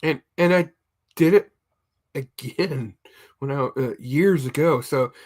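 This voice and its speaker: A man's voice: mid-range voice, slow pace, breathy edge. A man on a casual streamed podcast chat, telling rambling comic stories and stumbling over repeated words. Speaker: podcast co-host.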